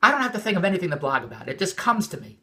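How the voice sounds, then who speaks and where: A man's voice: sits high, sing-song, racing, sharp tone. An older man from Philadelphia, rambling and repeating himself in an exasperated personal vlog monologue. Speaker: vlogger.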